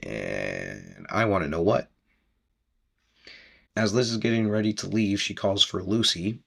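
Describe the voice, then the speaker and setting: A man's voice: deep voice, lively intonation, measured pace, vocal fry, fairly bright tone, husky. A man hosting a podcast, casually recapping a book chapter in a rambling, chatty way with easy laughs.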